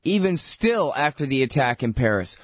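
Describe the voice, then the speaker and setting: A man's voice: medium pitch, sing-song, moderate pace, dry recording, clean studio sound. Sarcastic male political talk host. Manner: sarcastic, mocking, heated. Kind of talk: political commentary monologue.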